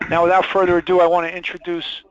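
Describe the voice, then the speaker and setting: High-voiced man giving an emphatic sales webinar. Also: completely flat delivery, fast talker. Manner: emphatic, repeats key points, poses rhetorical questions. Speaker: webinar presenter. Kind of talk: sales training presentation. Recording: dull lo-fi dry webinar audio.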